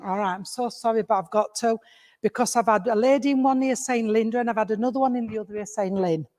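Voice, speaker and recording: A woman's voice: fairly high pitch, fast, darkish tone. A woman with an English accent giving a mediumship demonstration in a village hall, chatty and affectionate, calling her listener sweetheart and darling. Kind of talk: mediumship demonstration addressing an audience member.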